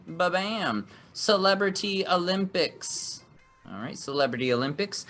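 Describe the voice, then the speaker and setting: Bright-voiced upbeat game show host man. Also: mid-range voice. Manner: upbeat, encouraging, laughs often. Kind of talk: live improv game show hosting.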